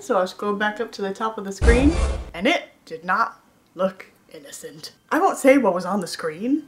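A woman's voice: medium pitch, slight background noise. A young woman vlogger telling a storytime tale in a sarcastic, self-mocking way. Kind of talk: storytime monologue.

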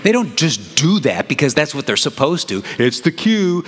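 A pastor preaching a sermon in an animated, conversational way, with big jumps in emphasis. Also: male voice, a little high, normal speed, few pauses. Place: church sanctuary. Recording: reverberant church hall, faint noise.

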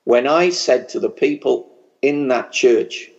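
A man's voice: mid-range voice, slow, gravelly, lo-fi sound. A man from England with a strong working-class regional English accent, preaching a fervent sermon at a church conference. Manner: fervent, storytelling, builds to a blessing. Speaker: pastor. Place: large church conference hall.

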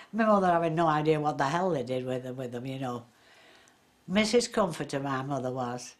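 Brief: elderly woman, low voice, lively anecdotal teller. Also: normal speed. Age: older. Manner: chatty storyteller, acts out quoted voices. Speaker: interviewee recalling the war. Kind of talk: reminiscing interview.

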